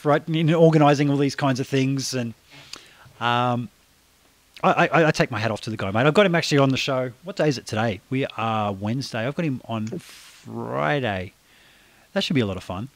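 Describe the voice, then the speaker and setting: A man's voice: mid-range voice, brisk, no echo. A man in his fifties from Australia with an Australian accent, hosting a casual podcast chat, talkative, laughing often and swearing casually. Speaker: podcast host.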